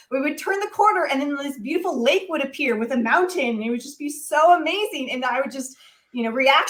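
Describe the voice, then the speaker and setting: Woman, young adult, interview guest, animated storytelling, fillers, slightly high voice. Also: fairly quick. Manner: animated, many fillers like "um" and "you know". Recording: echoey room.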